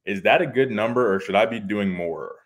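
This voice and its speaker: A man's voice: fairly low pitch, brisk. A young man in his twenties calling in for advice, polite and hesitant, with many ums. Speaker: caller asking for advice. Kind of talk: casual call-in question.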